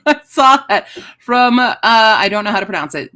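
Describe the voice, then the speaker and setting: A playful, chatty woman talks casually to her live-stream viewers from her apartment. Her voice sits a little higher than most, and she likes to slip into joke accents. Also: normal speed, sharp tone. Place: home apartment, indoors.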